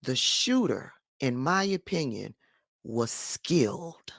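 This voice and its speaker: A woman's voice: a bass voice, big pitch swings, slow pace, creaky, no room sound, studio quality. A woman giving firm, emphatic political commentary in a vlog monologue.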